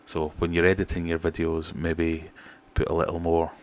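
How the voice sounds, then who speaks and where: A middle-aged British man hosting a relaxed livestream, chatting and reading out viewer comments in a self-deprecating way. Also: sits low, moderate pace. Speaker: fishkeeping livestream host. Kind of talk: casual livestream chat.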